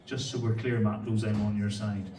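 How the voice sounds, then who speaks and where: A man's voice: fairly low pitch, level tone, moderate pace, echoey room, far from the mic, heavy background noise. A young man doing a profane stand-up comedy set and chatting with the crowd. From Ireland. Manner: profane, brash, laughing at his own jokes. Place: comedy club stage with a laughing audience.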